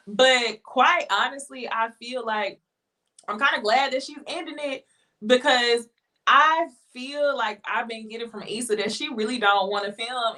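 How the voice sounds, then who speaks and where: A woman's voice: fairly high pitch, bright, forceful tone, distant mic. A woman co-hosting a casual live chat, blunt and joking, with slangy speech. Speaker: co-host.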